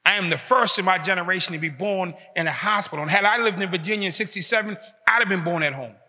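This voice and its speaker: A man in his fifties gives a motivational talk in a big reverberant hall. His voice sits high and sounds bright and forceful. He tells his story in animated street talk and acts out the other people's voices. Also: quick pace. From United States. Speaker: motivational speaker. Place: large hall in a prison.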